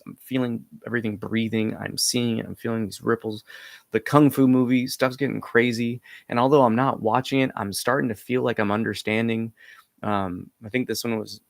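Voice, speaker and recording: Young male storyteller, casual and meandering, husky fry, dry close sound. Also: lowish voice, steady tone, a little fast, dry recording. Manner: rambling, heavy filler words, hesitant restarts. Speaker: vlogger.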